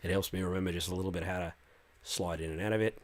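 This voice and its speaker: A man with a fairly low voice chats casually on a livestream as a game master. He reads out viewer comments and answers each one in a loose, rambling way, full of restarts and little fillers. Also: steady tone, very fast. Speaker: game master and stream host.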